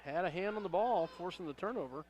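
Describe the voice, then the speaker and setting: A man's voice: sits high, darkish tone, a little hiss or hum. Man calling local basketball play-by-play. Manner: rapid play-by-play, rising on big plays, corrects himself. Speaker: play-by-play announcer. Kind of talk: local radio basketball commentary.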